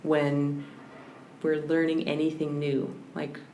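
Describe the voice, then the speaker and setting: Low, gravelly-voiced woman, thoughtful. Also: monotone, slow pace, dark tone. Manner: thoughtful, searching, with frequent restarts. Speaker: podcast guest, language scholar. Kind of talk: reflective conversational interview. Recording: roomy with faint background hiss.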